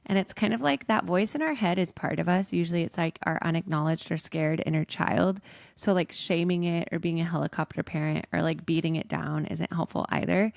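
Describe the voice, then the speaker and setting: A woman's voice: fairly low pitch, vocal fry, a little mellow, dry recording, studio quality. A woman coach talking casually as a podcast guest, chatty and full of "like" fillers.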